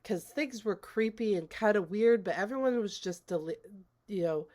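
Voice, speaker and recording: A woman's voice: medium pitch, moderate pace, a little mellow. A woman casually recapping a film scene by scene, chatty and full of "like" as she retells what characters say. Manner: chatty, retells scenes with lots of "like" and quoted dialogue. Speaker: movie reviewer. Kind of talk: casual spoken movie recap.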